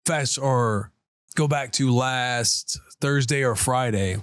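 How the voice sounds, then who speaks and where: A man hosting a podcast, telling a rambling, animated story in casual chat. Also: medium pitch, slow, clear, resonant tone, dry recording, clean studio sound. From United States. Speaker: podcast host.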